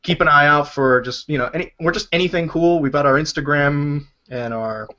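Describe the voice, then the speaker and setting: A man co-hosting a podcast in casual chat, rambling and excitable. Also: fairly high pitch, fairly quick, lo-fi sound, slight background noise. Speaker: podcast co-host.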